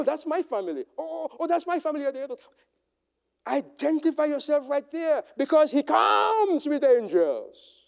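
A male pastor preaching a sermon and altar call, swinging from hushed whispers to shouted proclamations. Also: a little high. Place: church sanctuary.

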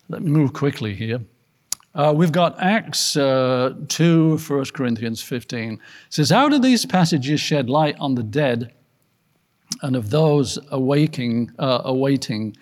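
A man, a pastor, teaching a Bible study class in an earnest way, asking rhetorical questions, his loudness rising and falling. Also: medium pitch.

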